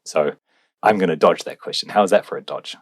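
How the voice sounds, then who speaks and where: Low husky man explaining calmly. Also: fairly quick, no echo. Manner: explanatory, wry, thinking aloud with fillers. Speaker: relationships researcher guest. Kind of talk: podcast interview answers.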